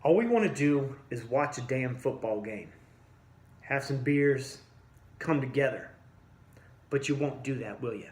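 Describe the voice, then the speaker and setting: A man's voice: medium pitch, lively intonation, measured pace, long pauses, darkish tone. Angry man ranting in an echoey room. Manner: blunt, combative, addresses listeners directly. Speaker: vlogger.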